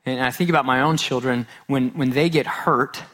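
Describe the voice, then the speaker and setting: A man's voice: mid-range voice, normal speed, fairly bright tone. Earnest man preaching a sermon. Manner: earnest, repeats phrases for emphasis. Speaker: pastor.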